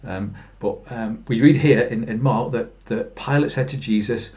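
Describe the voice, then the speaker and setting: A man's voice: medium pitch, normal speed, darkish tone. A man preaching a Good Friday sermon in plain storytelling, earnest, with fillers and restarts. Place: church.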